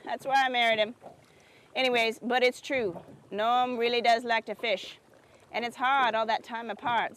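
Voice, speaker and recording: A woman's voice: fairly high pitch, a bit bright, slight background noise, close to an everyday voice, rough recording. A woman playing a perky, oblivious craft-show host who talks in a chirpy, folksy, sugary way outdoors by a lake. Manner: chirpy, folksy and sugary, keeps asking "isn't that sweet". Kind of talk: comedic public-access TV hosting.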